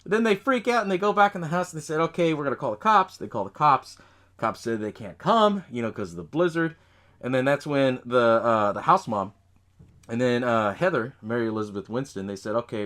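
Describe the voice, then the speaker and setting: A man hosting a podcast, casually recapping a horror movie in a profane, animated way, laughing often and acting out the characters' lines. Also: medium pitch. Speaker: podcast host.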